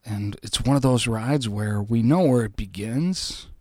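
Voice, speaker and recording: A man's voice: mid-range voice, a little slow, mellow, dry recording, clean studio sound. A man hosting a radio show from his basement, chatting casually and playfully between songs in a loose, rambling way. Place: home basement studio. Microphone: studio microphone.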